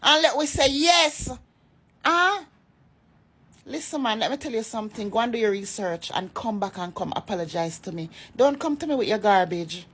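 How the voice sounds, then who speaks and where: High-voiced Jamaican woman ranting. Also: expressive, moderate pace, a bit bright, husky. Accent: Jamaican, shifting into patois. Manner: impassioned and emphatic, scolding her critics. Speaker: vlogger. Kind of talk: political rant to followers.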